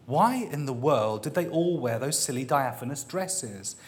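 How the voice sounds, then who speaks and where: A man's voice: mid-range voice, lively intonation, measured pace. A man reading a comic novel aloud, amused and often laughing as he reads. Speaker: reader.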